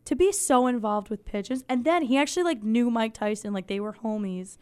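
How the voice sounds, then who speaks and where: Woman host losing her voice: soft, smooth and fairly high, rambling casual chat with deadpan swearing. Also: fairly quick. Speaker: podcast host.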